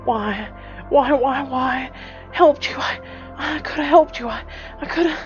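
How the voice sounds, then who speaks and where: A grief-stricken young woman, sobbing in a high, broken voice, as a man puts her on for a storybook game. The sound is a bit dull, with soft game music behind. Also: measured pace.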